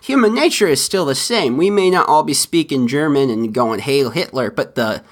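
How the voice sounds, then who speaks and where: A man hosting a podcast, giving heated opinion commentary that swings between impassioned outbursts and quieter, subdued stretches. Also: on the high side, expressive, moderate pace. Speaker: podcast host.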